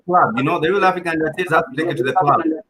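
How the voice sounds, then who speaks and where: A man co-hosting a casual comedic talk show, joking with quick interjections. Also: on the high side, sharp tone, breathy edge. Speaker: co-host.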